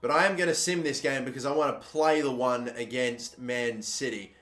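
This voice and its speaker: A young man commentating his own football video game, swearing constantly and bursting into loud, frustrated outbursts. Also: mid-range voice, steady tone, normal speed. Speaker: gaming YouTuber. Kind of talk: live gameplay commentary. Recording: echoey room, faint background noise.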